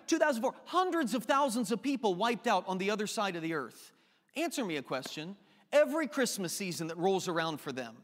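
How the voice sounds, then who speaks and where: A man's voice: sits high, fairly bright tone, big-room sound. A man preaching a conversational sermon in an earnest, emphatic way, often putting direct questions to his listeners.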